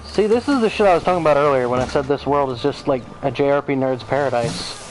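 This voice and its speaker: A man's voice: medium pitch, quick pace, a little hiss or hum, low-quality recording. A man giving casual, profane gameplay commentary, rambling with joking asides. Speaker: let's play host.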